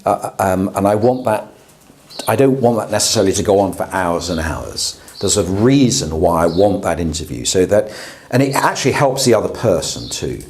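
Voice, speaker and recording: A man's voice: low voice, lively intonation, normal speed, a little mellow. A man, a pastor, teaching a class on preaching in a conversational way, often checking in with his listeners. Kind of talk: lecture to a class.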